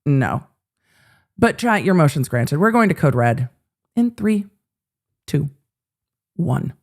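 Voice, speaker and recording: A woman's voice: sits low, very animated, takes it slowly, a little mellow. A woman hosting a live legal commentary stream, talking casually and profanely with her chat and riffing on courtroom moments. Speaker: legal commentary livestream host.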